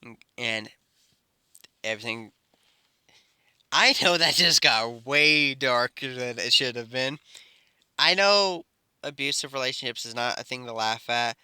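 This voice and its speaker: A young man improvising a fan-fiction story, rambling and halting with many restarts. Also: mid-range voice, animated, bright, forceful tone, smooth, no room sound, clean studio sound.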